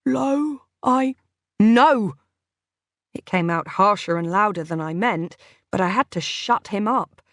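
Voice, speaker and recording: A woman narrating a first-person thriller audiobook in a measured, unhurried way. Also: on the low side, a bit bright, no room sound, studio quality.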